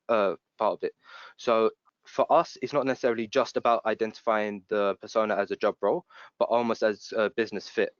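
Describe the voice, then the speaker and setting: Low-voiced man on a dry call. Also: no room sound, muffled recording. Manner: measured, explanatory, with "like" fillers. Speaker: sales rep, panelist. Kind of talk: casual panel discussion.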